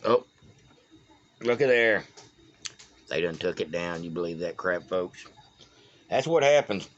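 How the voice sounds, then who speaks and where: A folksy Texan man with a fairly low voice rambles through casual commentary, stumbling over names as he goes. His voice comes through a dull, lo-fi phone recording. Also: animated, measured pace. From Texas. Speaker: political vlogger.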